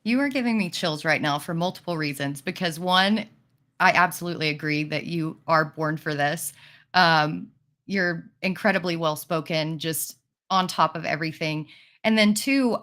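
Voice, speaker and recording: A woman's voice: lowish voice, normal speed, fairly bright tone. A woman hosting an interview, asking questions and responding with encouraging enthusiasm. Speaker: interview host. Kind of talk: casual interview.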